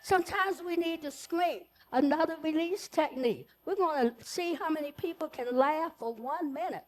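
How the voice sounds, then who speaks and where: A woman leading a live group breathing workshop, giving slow, soothing cues for each breath. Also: sits high.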